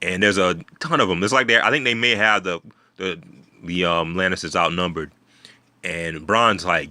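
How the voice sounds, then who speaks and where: Low, bright-toned man rambling casually. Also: normal speed, no echo. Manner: rambling, many fillers and restarts, swears freely. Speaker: video host. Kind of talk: casual episode recap.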